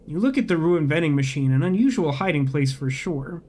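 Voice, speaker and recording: Wry game streamer, lively voice. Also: medium pitch, normal speed, few pauses, a little hiss or hum. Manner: wry, sarcastic asides. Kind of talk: reading a narrative game aloud with commentary.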